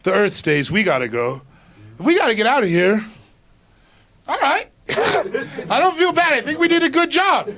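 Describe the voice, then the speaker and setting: A man doing a stand-up routine, animated and laughing through his lines. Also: very high voice, moderate pace, pauses often. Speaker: stand-up comedian. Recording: live show with loud audience laughter.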